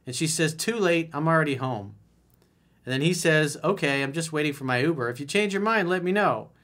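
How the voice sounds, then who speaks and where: A man's voice: on the high side, quick pace, a bit bright. A man speaking as a dating coach in a solo advice monologue, blunt and emphatic, reading out listener messages and commenting on them.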